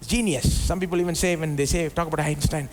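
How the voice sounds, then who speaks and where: High-voiced pastor preaching. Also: male voice, steady tone, fast talker, a little hiss or hum. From India. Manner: conversational preaching, many rhetorical questions and "you know". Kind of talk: live sermon. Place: church service before a congregation.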